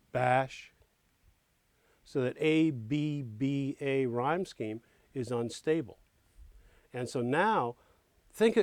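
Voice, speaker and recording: Lively, dry-voiced male songwriting teacher. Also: a little high, dry recording. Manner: animated teacher, recites rhymes and quotes in small acted voices. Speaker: songwriting professor. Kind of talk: teaching lyric writing in a recorded clinic.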